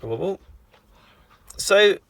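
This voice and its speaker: A man's voice: high-pitched, expressive, extremely slow, vocal fry, distant mic. A man recording a film commentary, telling a self-deprecating anecdote in casual chat. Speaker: film writer giving commentary.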